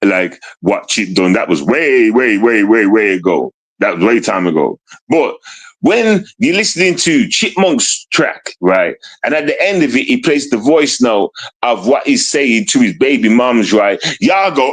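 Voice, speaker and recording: A man ranting to his stream viewers in rough street slang. He keeps asking whether they understand, and he swings between low muttering and high outbursts. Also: big pitch swings, moderate pace, a bit bright, rough recording. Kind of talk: livestream rant to viewers.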